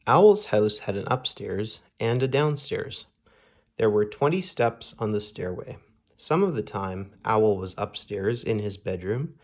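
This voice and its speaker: A man reads a children's story aloud, unhurried and measured. His voice sits somewhat low, and he moves through the narration at a very slow, even pace. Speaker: storybook reader.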